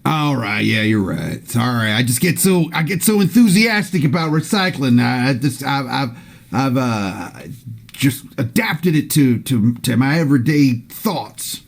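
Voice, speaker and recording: A man's voice: medium pitch, big pitch swings, a little slow, vocal fry. A man playing a tabletop game in character, earnest and hesitant, repeating himself. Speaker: player.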